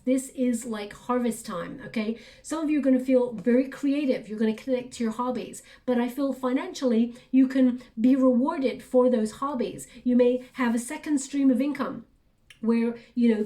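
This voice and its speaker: A woman's voice: on the high side, dark tone. A woman giving a casual, encouraging spoken tarot reading, often checking in with "okay?". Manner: chatty, encouraging, repeats "okay?". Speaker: tarot reader.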